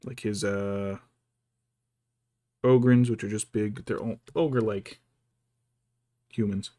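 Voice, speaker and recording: A man's voice: fairly low pitch, steady tone, slow pace, dark tone, no room sound. A man chatting casually as he paints miniatures, thinking aloud and muttering to himself. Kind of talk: casual chat while working.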